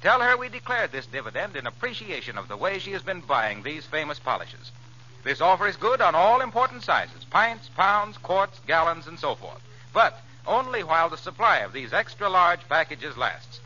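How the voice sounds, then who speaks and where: A man's voice: a little high, very animated, moderate pace, pushed and bright. A man, a radio announcer, reading a scripted ad with an urgent salesman delivery. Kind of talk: scripted ad read. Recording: dull lo-fi old radio recording.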